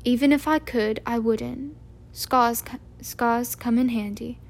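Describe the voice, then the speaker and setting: Brief: woman voicing a calm old wizard, soft and wry, gravelly. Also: a little high, slow. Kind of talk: audiobook reading.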